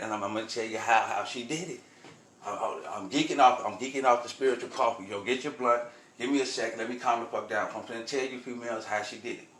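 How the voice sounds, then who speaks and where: A man's voice: lowish voice, fairly bright tone, a little hiss or hum. A man vlogging, telling a rambling spiritual story in loose, profane, repetitive street talk. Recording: roomy echo.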